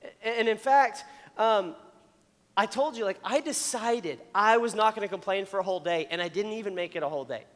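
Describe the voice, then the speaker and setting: Man, youth pastor, high voice, casual sermon, lively, long church reverb. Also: brisk. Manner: animated, chatty, playfully acts out complainers. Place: church auditorium.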